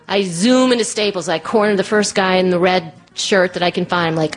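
A woman telling a personal story as a monologue, animated and acting out the voices of the people in it. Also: on the low side, fairly quick, few pauses, faint music behind.

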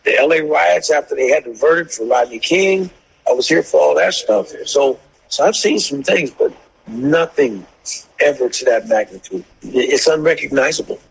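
An older firefighter tells his story with vivid emphasis. His voice is gravelly and rough, heard through a dull, lo-fi recording. He speaks at a middle pitch. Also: expressive, normal speed. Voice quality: gravelly, husky. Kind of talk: interview recollection. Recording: dull lo-fi sound.

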